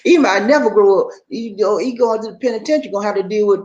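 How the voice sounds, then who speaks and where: A man giving animated, preachy commentary on a news story, playful and repetitive, with questions for his audience. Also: sits high, quick pace, highs cut off, noisy background. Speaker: commentary channel host.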